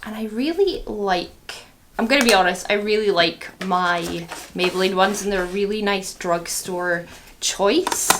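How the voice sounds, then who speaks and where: A woman's voice: medium pitch, a little slow, heavy background noise. A young woman chatting casually through a vlog in her home beauty room, rambling and a little shaky. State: shaky and groggy after a long sleep. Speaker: beauty vlogger.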